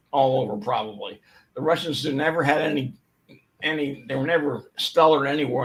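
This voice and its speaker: A man's voice: a little high, a bit bright, low-quality recording. An older man giving an informal history talk, telling stories with many fillers and restarts. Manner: storytelling, rambling with fillers and restarts.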